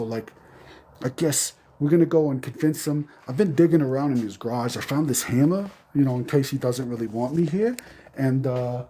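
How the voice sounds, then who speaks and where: Rambling deadpan man on a live stream. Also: medium pitch, a little hiss or hum. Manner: meandering, offhand, deadpan. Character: undead zombie entertainer persona, man. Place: garage.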